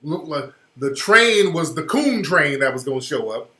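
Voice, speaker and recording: A man hosting a radio show delivers emphatic, slangy commentary over a video clip, getting loud when he's worked up. His voice sits fairly high with big swings in pitch, and he talks at a normal speed. The recording sounds roomy and echoey.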